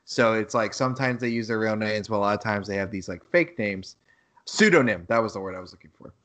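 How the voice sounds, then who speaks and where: A man's voice: fairly low pitch, fast talker, a bit bright. A man co-hosting a podcast, talking in a loose, rambling way with plenty of swearing, and acting out lines in a raised voice. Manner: rambling, profane, laughs at own quotes. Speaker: podcast co-host. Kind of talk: casual podcast chat.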